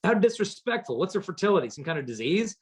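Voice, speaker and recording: Man, husky voice, fairly high pitch, humorous storytelling talk, acts out quotes, punchy delivery. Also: fast talker. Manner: lively storyteller acting out quotes. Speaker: chastity speaker.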